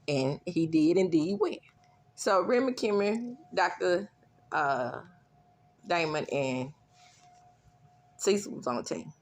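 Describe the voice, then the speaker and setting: A woman hosting a casual reality TV recap, chatty and animated, with laughing asides. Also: fairly low pitch, slow, gravelly, long pauses.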